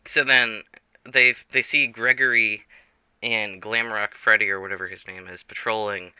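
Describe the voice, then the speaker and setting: A man's voice: lowish voice, steady tone, moderate pace, pushed and bright, smooth, no echo, highs cut off. A man casually telling a rambling story, full of fillers and restarts, acting out the characters. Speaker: storyteller, channel host.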